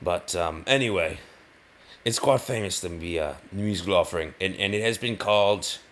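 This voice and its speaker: A man's voice: deep voice, normal speed. A man giving rambling commentary over gameplay, often correcting himself mid-sentence. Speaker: gaming video host.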